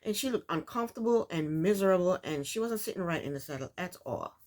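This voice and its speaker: A woman's voice: on the low side, animated, fast, darkish tone. Woman host, casual recap chatter, blunt and opinionated. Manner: opinionated, chatty, rhetorical asides to the cast.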